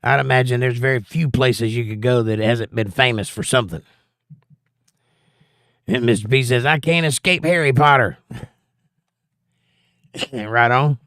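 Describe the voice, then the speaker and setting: A man's voice: medium pitch, steady tone, a little slow, long pauses, fairly bright tone, dry recording, clean studio sound. A man with a Southern US accent hosting a livestream, reading viewers' chat messages and giving opinionated, preachy asides in a casual tone.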